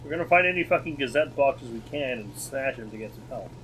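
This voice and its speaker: A man's voice: mid-range voice, expressive, fast talker, fairly bright tone. A man playing a video game and chatting casually, dry and swearing as he narrates his play. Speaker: player in a let's play. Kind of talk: casual gaming chat. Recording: noisy game audio behind.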